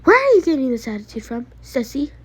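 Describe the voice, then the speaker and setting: A woman's voice: high voice, sing-song, fast, faint music behind, low-quality recording. A girl playing a strict, scolding mom. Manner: stern, scolding. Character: strict scolding mother of the family. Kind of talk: voiced toy-game role-play.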